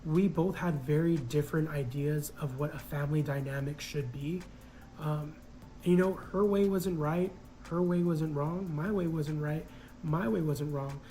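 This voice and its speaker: A man's voice: on the high side, moderate pace, warm tone, slight background noise, low-quality recording. Reflective man telling his own story. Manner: reflective, hesitant, many fillers. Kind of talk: casual personal storytelling.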